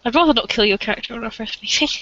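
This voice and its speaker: A bright, sharp-voiced player hesitates with frequent ums while talking through a tabletop role-playing game. The recording is dry and dull, with a lo-fi sound. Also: medium pitch, rapid-fire, dry recording. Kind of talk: casual tabletop role-play chat.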